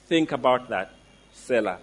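A man preaching a sermon, emphatic, slowing down to stress declarations and asking the listeners direct questions. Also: medium pitch, expressive.

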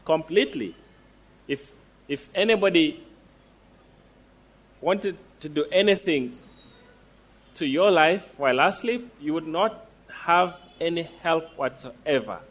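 Guy preaching a sermon, kinda high voice, slows right down to hit the big lines. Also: animated. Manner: emphatic, with slow stressed declarations; asks the listeners direct questions.

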